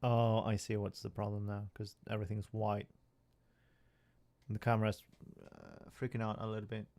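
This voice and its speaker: A man's voice: lowish voice, completely flat delivery, moderate pace, darkish tone. A young man chatting casually on a live stream from his room, rambling and joking at himself with many restarts.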